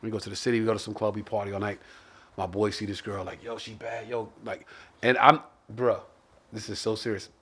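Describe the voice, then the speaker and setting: Animated New comedian telling stories. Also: male voice, lowish voice, quick pace, husky. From Brooklyn, New York. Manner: animated, profane, acts out quotes. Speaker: comedian host. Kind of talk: casual storytelling chat.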